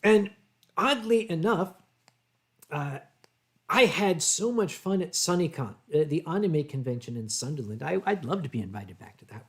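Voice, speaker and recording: An older American man hosting a livestream, answering viewer chat in a rambling way with deadpan humor. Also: on the high side, moderate pace. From United States. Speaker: livestream host.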